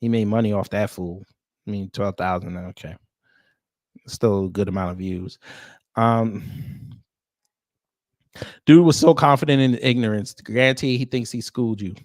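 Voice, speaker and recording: A man's voice: lowish voice, normal speed, pauses often, dry recording. Man drawling wry reaction commentary. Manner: wry, drawling asides between read-out comments. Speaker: reaction video host.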